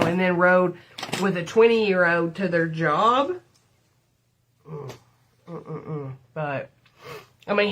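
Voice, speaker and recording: Doing her makeup on a livestream, a middle-aged woman tells chatty, meandering stories to viewers she addresses as "y'all." Her voice sits on the low side with a fairly bright tone.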